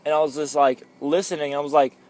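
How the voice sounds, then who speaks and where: A man's voice: a little high, steady tone, fast talker, a little mellow. A young man telling a story among friends in a casual chat, rambling with lots of "like" and laughing often.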